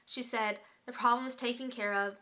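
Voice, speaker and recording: A young woman vlogger tells a story from her own life at home, chatty and animated, full of likes and ums. Her voice is clear and bright, sitting a bit high for a woman. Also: normal speed. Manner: chatty, animated retelling with many fillers. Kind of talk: casual storytime.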